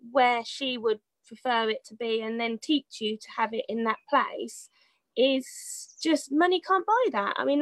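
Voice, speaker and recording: A woman's voice: fairly high pitch, dry recording. A woman, telling stories in a casual interview as a guest, with many fillers and frequent laughter. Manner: chatty storyteller with fillers, laughs often. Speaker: guest, horse rider. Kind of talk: casual anecdotal chat.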